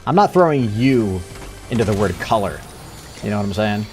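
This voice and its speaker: A man's voice: on the low side, expressive, normal speed, a little mellow, faint music behind. A man streaming a game live, cracking crude jokes, laughing often and teasing his chat. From United States. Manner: joking, crude, laughs a lot, teases chat. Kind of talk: live gameplay commentary.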